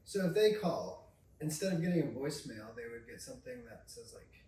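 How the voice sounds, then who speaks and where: A man casually pitching an AI receptionist, blunt, profane and confident. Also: lively intonation, brisk, mellow. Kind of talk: casual sales chat. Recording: roomy, distant mic, faint noise.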